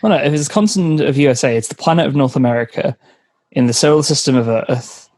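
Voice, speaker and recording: A man co-hosting a podcast who teases his co-host with quick jokes in casual chat. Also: mid-range voice, a little mellow, no room sound. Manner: teasing, wisecracking.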